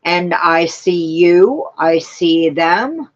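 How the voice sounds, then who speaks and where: A woman's voice: on the low side, animated, very slow, lo-fi sound. A woman hosting a casual livestream, chatting and answering her viewers' comments one by one. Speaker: livestream host. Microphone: streaming setup with laptop.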